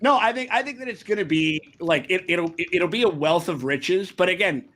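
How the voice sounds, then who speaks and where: A man's voice: high voice, a little fast, crowd noise. A man hosting a casual livestream chat, rambling and often restarting his sentences. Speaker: podcast host.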